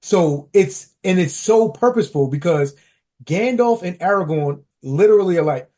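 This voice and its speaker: A man co-hosting a casual podcast discussion, talking in an animated, slangy, emphatic way. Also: normal speed. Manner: animated, acts out quotes with big pitch jumps. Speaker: podcast co-host.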